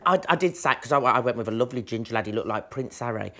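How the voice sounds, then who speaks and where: A man's voice: lively intonation, pushed and bright. A male drag queen chatting crudely and campily while reacting to a dating show. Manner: crude, camp, quick jokes with big pitch swings. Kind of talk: bawdy casual chat.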